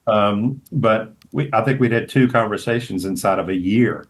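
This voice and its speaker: Poor audio captures a middle-aged Southern pastor and author swapping stories as a podcast guest at normal speed. He wanders, starts over again and again, and acts out quotes in a raised voice.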